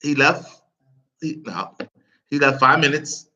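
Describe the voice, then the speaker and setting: A man's voice: fairly high pitch, lively intonation, takes it slowly, pushed and bright, poor audio. A man teaching an Arabic class, talking casually, repeating phrases and asking his students questions. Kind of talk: live classroom lesson.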